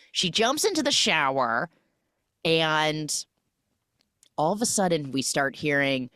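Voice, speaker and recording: A woman hosting a podcast, recapping a film in a casual, animated storytelling way and acting out the characters' lines. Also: low voice, moderate pace, no echo, studio quality. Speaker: podcast host.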